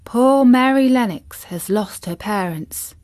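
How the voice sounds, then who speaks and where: A woman storyteller reading a children's chapter book aloud in a gentle, measured way. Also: a little high, lively intonation.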